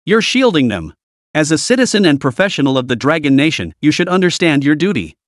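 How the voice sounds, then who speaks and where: A man's voice: on the high side, big pitch swings, a little fast, dry recording, studio quality. A man voicing a cunning, relentless male interrogator who presses with rising questions. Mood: pressing.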